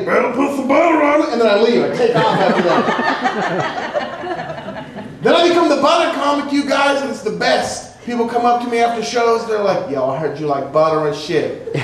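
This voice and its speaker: A male comedian doing a stand-up routine on a club stage, loud and punchy with stammering restarts. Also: very high voice. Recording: echoey club from far off.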